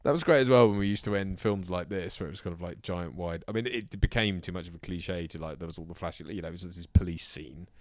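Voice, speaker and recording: A man's voice: low voice, fast, hardly any pauses, no echo, clean studio sound. A man co-hosting a casual film commentary who laughs a lot and reacts with squeamish disgust. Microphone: lapel mic.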